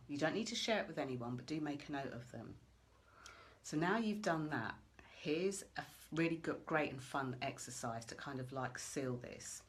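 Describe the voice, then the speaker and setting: A woman coaching listeners through a goal-setting visualization in a gentle, coaxing way, asking many questions. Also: low-pitched. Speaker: motivational coach. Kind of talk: guided visualization talk.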